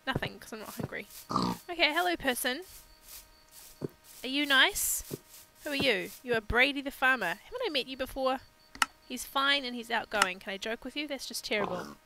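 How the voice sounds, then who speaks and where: A woman's voice: a little high, very animated, brisk, creaky, noisy background. A woman hosting a video game let's play with casual, playful commentary, now and then slipping into mock pirate talk. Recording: loud background music.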